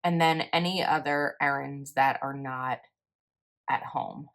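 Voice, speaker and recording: A woman's voice: very deep voice, steady tone, a little slow, a bit bright. A young woman, chatting casually and rambling a little as she talks through her planner. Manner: chatty, rambling, self-correcting. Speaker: planner vlogger. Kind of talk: casual voice-over while planning.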